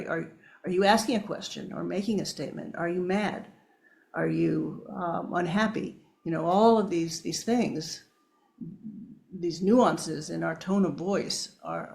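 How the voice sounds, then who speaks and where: Woman, interview guest, emphatic explainer, gravelly fry. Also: on the low side, measured pace, darkish tone. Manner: emphatic, explanatory, addresses listeners directly. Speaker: guest neuroscientist.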